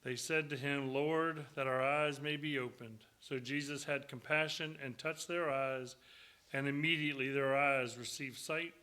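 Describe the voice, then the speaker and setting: Bright-voiced man preaching a folksy sermon. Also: mid-range voice, steady tone, measured pace. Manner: folksy, joking storyteller. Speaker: guest preacher. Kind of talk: sermon with storytelling. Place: church sanctuary.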